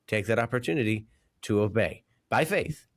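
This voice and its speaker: A man co-hosting a casual faith podcast, teasing and quick to laugh, with preacherly asides. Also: fairly low pitch, animated. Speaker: podcast co-host.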